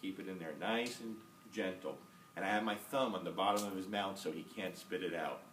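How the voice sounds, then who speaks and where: Deep-voiced man teaching dog training. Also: fairly quick, fairly bright tone. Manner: patient, explains step by step, checks in with "okay?". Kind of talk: casual instructional demo. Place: indoors at home with a dog. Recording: faint background noise, mic at some distance.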